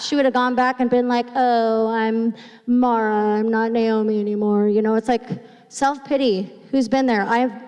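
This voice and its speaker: A middle-aged woman pastor preaching a sermon in a chatty, conversational way, acting out quoted voices. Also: fairly high pitch. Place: church sanctuary. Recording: long hall reverb.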